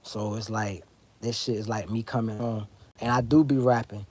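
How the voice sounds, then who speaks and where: There's a little hiss or hum behind this man's fairly low, darkish voice, which stays fairly even in intonation at a normal speed. He's a South Florida livestream host who rambles, swears, and responds straight to viewers in chat during a casual stream.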